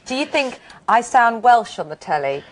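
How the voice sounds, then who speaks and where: A woman's voice: a little high, sing-song, normal speed, slight background noise, rough recording. A woman presenting a breakfast TV show, interviewing a guest in an enthusiastic, gushing way. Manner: enthusiastic, gushing, laughs easily. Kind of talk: live TV interview. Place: TV studio.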